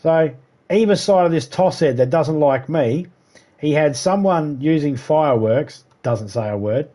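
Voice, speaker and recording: A man's voice: on the high side, animated, a little slow, mellow. An Australian man on a livestream telling rambling stories in a profane, sarcastic, casual way. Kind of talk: casual storytelling chat.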